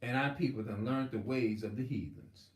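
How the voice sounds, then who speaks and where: A man's voice: mid-range voice, moderate pace, reverberant. A man preaching in a rambling, heated, profane monologue. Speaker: religious video host.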